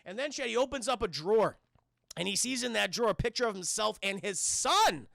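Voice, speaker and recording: A man's voice: high-pitched, very animated, brisk, creaky, fairly bright tone, no echo, studio quality. A man casually retelling a film on a live stream, rambling, swearing and talking to his chat. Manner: rambling, profane, talks to chat.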